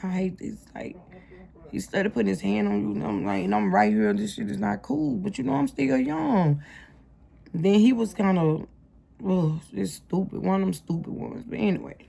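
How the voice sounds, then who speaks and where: A woman's voice: medium pitch, expressive, normal speed, creaky, warm tone, breathy edge. A young adult woman telling her life story in a casual storytime monologue, slangy and speaking straight to her viewers.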